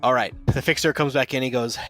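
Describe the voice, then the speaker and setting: A man acting as game master, explaining the rules in a relaxed, rambling way. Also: mid-range voice, quick pace, soft background music. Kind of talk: narrating a tabletop game.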